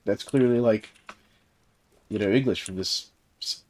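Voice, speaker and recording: A man's voice: on the low side, measured pace, a little mellow. A man in his thirties from the American South, chatting loosely while gaming on a livestream. He rambles with lots of fillers and chuckles. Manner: rambling, laid-back, many fillers and chuckles. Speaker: livestreaming gamer and server host. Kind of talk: casual chat while playing.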